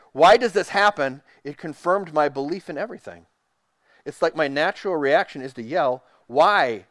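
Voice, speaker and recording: A man preaching a sermon, reading quotes aloud and dropping to a soft hush for tender passages. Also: a little high, dry recording, clean studio sound. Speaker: pastor.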